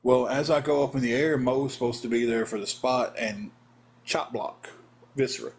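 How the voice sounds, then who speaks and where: A man's voice: medium pitch, fairly even intonation, normal speed. A man, a former pro wrestler, casually telling a story on a live stream, acting out the voices of the people in it.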